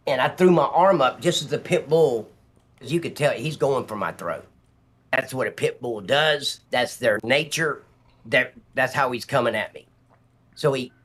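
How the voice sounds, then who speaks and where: Bright-voiced man telling a blunt story. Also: medium pitch. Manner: vivid, blunt storytelling with swearing. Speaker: police officer guest. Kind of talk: telling a personal story on a live stream.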